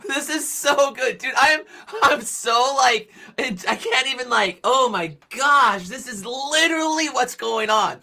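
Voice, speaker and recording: A woman hosting a live reaction stream, excitable and gushing, calling people dude. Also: high-pitched, a little slow, hardly any pauses.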